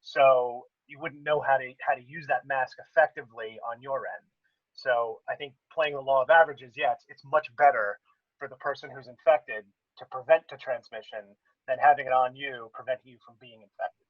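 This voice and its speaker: A man's voice: mid-range voice, moderate pace, no echo, highs cut off. A man co-hosting a podcast, explaining things at length in casual chat with many restarts. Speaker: podcast co-host.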